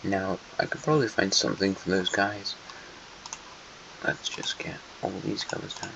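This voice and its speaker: A young man narrates a strategy game in a loose, teasing way, talking straight to the countries on the map. His voice sits fairly low. The home recording sounds muffled and a little lo-fi, with faint background hiss. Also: steady tone, normal speed, vocal fry. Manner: playful, chatty, teasing the nations on the map. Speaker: channel host. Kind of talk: casual gameplay commentary.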